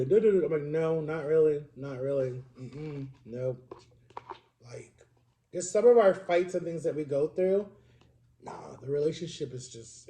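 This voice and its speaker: A man's voice: on the high side, warm tone. A man in his thirties talking casually to the camera in a personal vlog, rambling and confessional with lots of filler words. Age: 30s. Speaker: vlogger.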